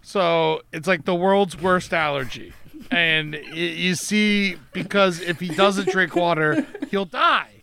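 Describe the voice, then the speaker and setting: A man hosting a casual comedy podcast from home, upbeat and quick to laugh. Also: high voice, vocal fry, sharp tone. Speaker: podcast host. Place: home setup during lockdown.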